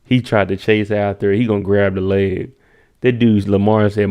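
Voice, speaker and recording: This streamer's delivery is flat and moderately paced, with a dark, smooth tone and lo-fi sound quality. Casually going over a TV episode in slang, he replies to chat members by name and performs scenes in high voices.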